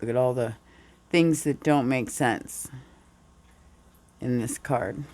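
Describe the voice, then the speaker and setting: A woman with an extremely low, warm voice does a slow tarot reading. Groggy from morning and slightly unwell, she talks her way through the cards in a relaxed, meandering manner.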